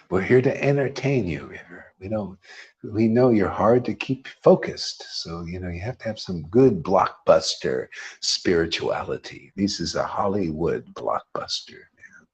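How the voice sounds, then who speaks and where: A man's voice: low-pitched, animated, a little slow, a little mellow, breathy edge, highs cut off. A man hosting a devotional class, preaching informally in a rambling, emphatic way with frequent laughs. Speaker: host leading a devotional class.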